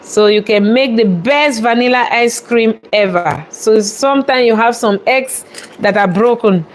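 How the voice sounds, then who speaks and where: Woman, chef, live cooking demo, chatty, laughs easily, fairly high voice, faint kitchen hum. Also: a little slow. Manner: chatty, laughs often, warmly thanks viewers. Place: restaurant kitchen.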